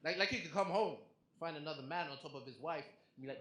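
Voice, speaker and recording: A man's voice: fairly high pitch, fast, very noisy. A young man with an English accent performing a stand-up comedy set in a club, talking to the crowd in a punchy, conversational way. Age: young adult. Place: comedy club in front of a live audience. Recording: echoey club room with audience laughter.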